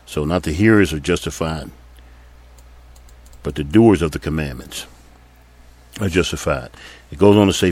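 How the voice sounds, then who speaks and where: A man's voice: rumbling low, moderate pace, pauses often, a little mellow. A man giving sermon-style Bible teaching, reading scripture aloud and earnestly repeating his points for emphasis. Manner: reads scripture aloud between comments.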